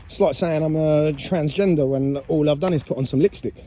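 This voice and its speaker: Chatty British man with a mellow voice. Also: on the high side, fairly quick. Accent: British English. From England, raised there from about age four. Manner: chatty, self-mocking, drifts between topics. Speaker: travel vlogger. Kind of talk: casual rambling vlog talk. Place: outdoors at night on an island path, walking. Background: crickets and insects.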